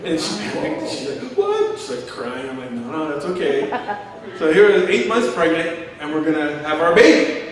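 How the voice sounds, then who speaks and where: A man's voice: a little high, very animated, a little fast. A middle-aged man preaching a sermon as pastor, telling stories, acting out quotes and chuckling as he goes. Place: large church hall. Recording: echoey hall from far off.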